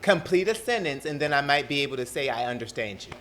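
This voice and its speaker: A young man with a South Carolina accent talks casually as an interview guest. His voice is bright and forceful, and his storytelling is animated, with frequent laughter. Faint noise sits under the recording. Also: mid-range voice, fast. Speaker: producer and guest.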